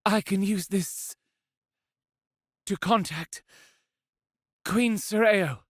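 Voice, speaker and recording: A man's voice: high voice, extremely slow, no room sound, clean studio sound, voice pushed up, full character voice. A man voicing a wounded, resolute young woman. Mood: strained resolve. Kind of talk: audiobook character voice.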